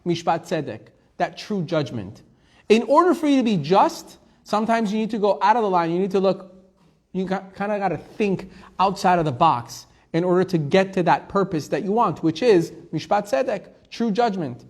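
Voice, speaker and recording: High-voiced rabbi telling a story. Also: male voice, animated, normal speed, darkish tone. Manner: storytelling with Hebrew quotes; conversational, asks and answers own questions. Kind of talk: Torah class.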